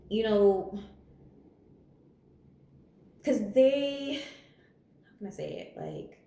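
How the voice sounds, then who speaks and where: A woman's voice: medium pitch, warm tone, echoey room. A woman giving a general tarot reading in a blunt, candid, chatty way, swearing freely and laughing as she talks. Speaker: tarot reader.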